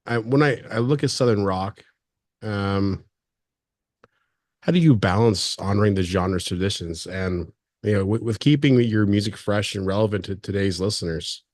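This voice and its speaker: A man's voice: lowish voice, moderate pace, a little mellow, no echo, studio quality. A man hosting a casual podcast interview, asking questions with hesitant fillers. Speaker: podcast host.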